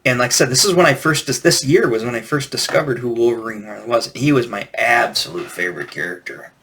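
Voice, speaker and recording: A little hiss or hum sits under this casual reminiscing vlog, where a toy collector host in his forties rambles about childhood toys and keeps correcting himself. He talks briskly in a mid-range, somewhat bright voice.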